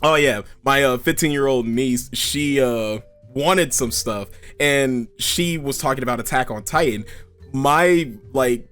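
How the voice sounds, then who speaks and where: A man's voice: medium pitch, measured pace, fairly bright tone, smooth, faint music behind. A man hosting a casual interview, laid-back, swearing freely and laughing often. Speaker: podcast host.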